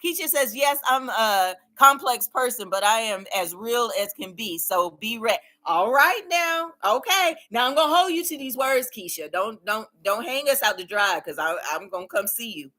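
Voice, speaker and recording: A woman's voice: fairly high pitch, expressive, normal speed, hardly any pauses, sharp tone. A woman hosting a casual livestream, reading viewer comments aloud and cheering them on with frequent laughter and repeated phrases. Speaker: livestream host.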